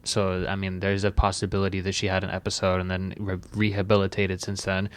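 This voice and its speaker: A man co-hosting a casual podcast, calm and measured, offering the reasonable side. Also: sits low, clear, resonant tone. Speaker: podcast co-host.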